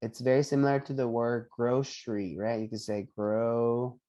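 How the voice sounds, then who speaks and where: A man teaching English pronunciation on a video call, patiently repeating each word slowly for his students. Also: medium pitch, warm tone, lo-fi sound. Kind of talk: online pronunciation lesson.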